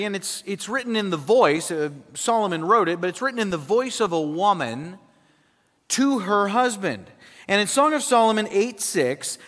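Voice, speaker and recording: A man preaching a sermon to a congregation, animated, checking in with his listeners as he goes. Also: high-pitched. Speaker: pastor. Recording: long hall reverb.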